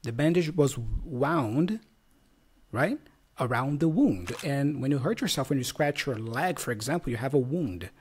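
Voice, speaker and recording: A man's voice: medium pitch, expressive, unhurried, slightly rough. A man co-hosting an English pronunciation lesson, explaining words in an upbeat way and laughing often; English is not his first language. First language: non-native English speaker.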